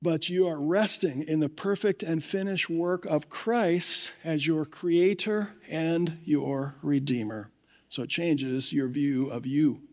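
A man's voice: high voice, a little mellow. A man preaching a sermon, emphatic, calling on the congregation for amens. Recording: long hall reverb.

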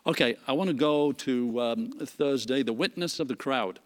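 A man's voice: medium pitch, normal speed. A man leading a Bible study, reading scripture aloud earnestly, with frequent fillers and restarts. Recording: long hall reverb.

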